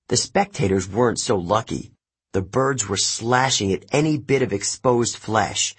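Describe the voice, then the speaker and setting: A man reading a first-person adventure novel aloud, lively storytelling that jumps up for shouted lines. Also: lowish voice, breathy edge. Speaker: audiobook narrator. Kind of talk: scripted narration of a novel.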